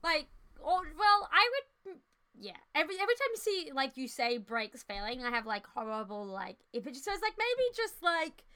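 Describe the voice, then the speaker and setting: A woman's voice: high voice, sing-song, moderate pace, sharp tone. A woman co-hosting a podcast in casual chat, giggly and teasing, with many fillers. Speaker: podcast co-host.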